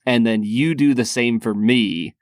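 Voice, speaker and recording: A man's voice: mid-range voice, unhurried, no echo, studio quality. A man co-hosting a podcast in casual chat, teasing his friend with wry humor and frequent laughs. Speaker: podcast co-host.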